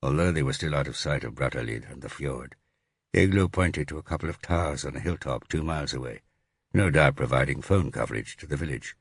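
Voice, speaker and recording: A man narrating a thriller audiobook in a steady reading voice. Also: rumbling low, fairly quick, slightly rough, no room sound, studio quality. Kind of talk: scripted narration.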